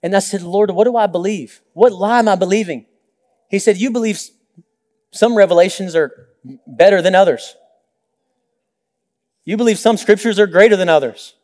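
A man's voice: sits high, moderate pace, long pauses, darkish tone. A young adult male pastor preaching a sermon, telling stories with acted-out quotes and joking asides. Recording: long reverb of a large hall.

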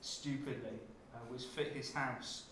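Slow, deliberate preacher. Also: male voice, medium pitch, fairly even intonation, echoey room, slight background noise. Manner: dramatic shifts from hushed to loud when acting out scenes. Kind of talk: sermon.

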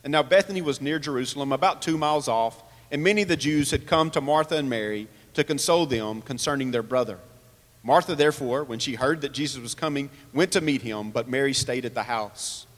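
A man's voice: medium pitch, fairly quick, in a large hall. A man preaching a sermon, earnest, asking rhetorical questions and reading scripture aloud. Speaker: pastor.

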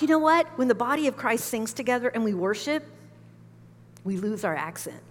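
A woman's voice: high-pitched, in a large hall. A woman from the United States preaching a sermon as a pastor, conversational and emphatic, with frequent asides to her listeners.

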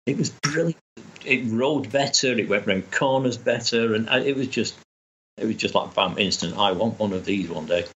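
A man's voice: on the low side, moderate pace, fairly bright tone, highs cut off. A man chatting enthusiastically as a guest, rambling with restarts. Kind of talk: casual chat.

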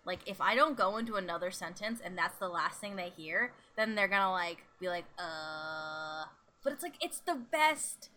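A woman from the northern US chatting casually, animated, laughing often and acting out quotes. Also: mid-range voice, brisk, hardly any pauses, a little hiss or hum. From Pittsburgh area, US North. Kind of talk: casual chat.

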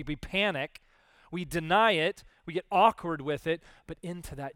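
Male pastor, sermon delivery, casual and animated, slightly raised pitch, dry close sound. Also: normal speed, no echo. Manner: conversational, animated, acts out quoted voices.

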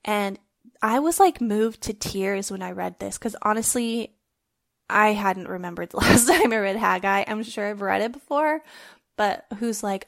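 A woman's voice: medium pitch, a little slow, creaky, fairly bright tone. A woman hosting a faith-based podcast, talking in an earnest, heartfelt, conversational way and recording at home on her phone. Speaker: podcast host.

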